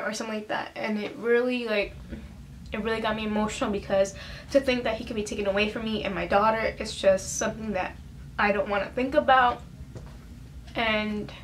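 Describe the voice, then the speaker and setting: A woman's voice: a little high, slight background noise. A young American woman talking in a personal vlog, earnest and emotional, with many fillers and restarts. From United States. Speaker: vlogger. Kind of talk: casual personal vlog talk.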